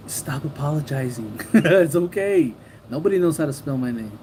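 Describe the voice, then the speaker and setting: A man's voice: mid-range voice, a little slow, noisy background. A man hosting a casual livestream who rambles, jokes and laughs often while reading comments. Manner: rambling, joking, laughs often, mimics people. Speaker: livestream host.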